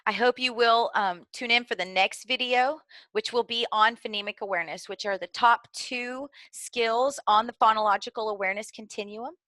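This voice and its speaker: Bright-voiced Southern woman teaching teachers. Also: a little high, moderate pace, few pauses, dry recording. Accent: Southern American. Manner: earnest, explanatory, occasional fillers and restarts. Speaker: early literacy trainer. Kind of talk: instructional video for teachers.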